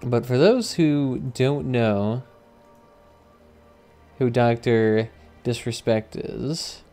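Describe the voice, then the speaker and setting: A man's voice: mid-range voice, extremely slow, dark tone. A man streaming and giving casual, wry commentary that rambles and corrects itself as it goes. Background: faint background music.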